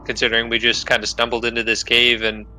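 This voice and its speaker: A man playing a tabletop role-playing game, his voice bright and sharp at a middle pitch. He pitches his ideas eagerly and persuasively, often restarting mid-sentence. Faint music plays behind him. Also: monotone, fast talker, poor audio. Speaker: player.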